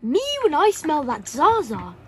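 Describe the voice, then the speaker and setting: A woman doing a squeaky cartoon dinosaur. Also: big pitch swings. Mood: mock-dramatic. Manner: goofy, playful, quick meme delivery. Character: giggly cartoon dinosaur, silly and meme-crazy. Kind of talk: meme parody skits and rap covers. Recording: loud music bed behind the voice. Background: loud music.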